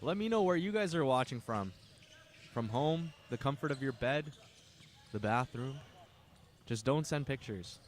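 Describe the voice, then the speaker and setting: A young man from Canada calls a basketball game for a livestream, mid-pitched and chatty, tossing jokes to viewers between plays. Faint gym ambience and the thud of bouncing balls sit behind his voice. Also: lively intonation, measured pace, long pauses, background noise. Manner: chatty, joking asides to viewers. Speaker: play-by-play commentator.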